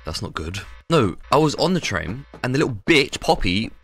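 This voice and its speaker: A man streaming a game live, reacting loudly and excitably with lots of swearing. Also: medium pitch, normal speed, husky, faint music behind. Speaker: gaming streamer. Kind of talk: casual live-stream gameplay commentary.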